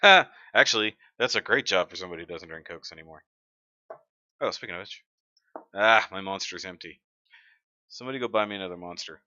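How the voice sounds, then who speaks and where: Bright-voiced man, chatty stream host. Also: low voice, a little fast, long pauses, no room sound. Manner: chatty, reads comments aloud, joking. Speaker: livestream host. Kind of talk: casual live-stream chat. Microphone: desk mic. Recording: dry, dull lo-fi sound.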